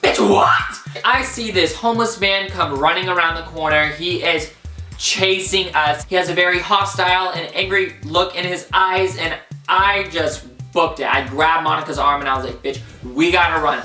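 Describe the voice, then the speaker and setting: A man's voice: on the high side, moderate pace, bright, forceful tone, echoey room, far from the mic. Young man, around twenty, vlogger, dramatic storytelling, filler-heavy, a bit off-mic, faint music behind. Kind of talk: story time vlog.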